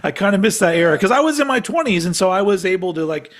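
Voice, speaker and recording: A man in his forties co-hosting a casual podcast, chatting excitably and swearing freely. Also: high-pitched, fast. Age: 40s. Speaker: podcast co-host. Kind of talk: casual chat ranking albums.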